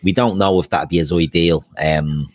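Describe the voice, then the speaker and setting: Deep-voiced man hosting football chat. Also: steady tone, moderate pace. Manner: conversational, hedging with fillers. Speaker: podcast host.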